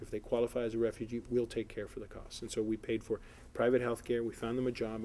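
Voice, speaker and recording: A middle-aged man from South Florida with a warm, mid-range voice answers questions as a political candidate in an editorial board interview. His replies ramble, full of fillers and restarts.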